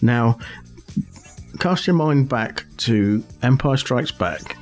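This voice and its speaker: A man's voice: mid-range voice, lively intonation, slow pace, darkish tone, faint music behind. A man co-hosting a casual podcast chat, laughing often and explaining his points with examples. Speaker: podcast co-host.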